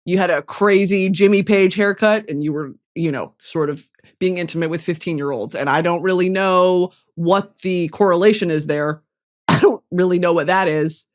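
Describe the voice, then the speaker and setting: Speaking at a normal speed, a young female podcast host runs through a loose comedy monologue. Her delivery is animated and full of swearing, lurching from loud bursts down to quiet mutters.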